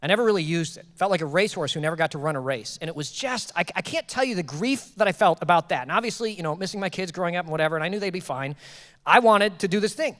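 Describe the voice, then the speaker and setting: A man in his thirties preaching a sermon as pastor, telling a personal story with jokes and lively quoted dialogue. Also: high voice, quick pace. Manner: animated, joking, quotes people in raised voices. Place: church auditorium. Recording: long hall reverb.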